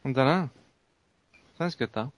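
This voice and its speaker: A man co-hosting a casual podcast chat, talking quickly and laughing often. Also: mid-range voice, lively intonation, background noise. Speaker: podcast co-host.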